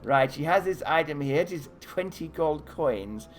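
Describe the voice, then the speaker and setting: A man narrates a live tabletop adventure for children, his voice slightly high for a man. His delivery swoops up and down as he paints each scene and lays out the players' options. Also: measured pace, soft background music. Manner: animated storytelling, offering choices. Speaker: game master.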